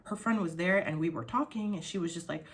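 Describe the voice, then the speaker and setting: A young adult woman vlogging in casual chat, rambling and swearing freely, her voice jumping up when she gets excited. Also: lowish voice, quick pace.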